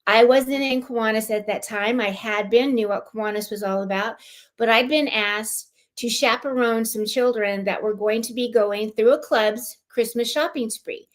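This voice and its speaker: A woman from California, a guest on a live-streamed club show, telling a personal story in a heartfelt, animated way. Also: fairly high pitch, moderate pace. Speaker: guest, club lieutenant governor.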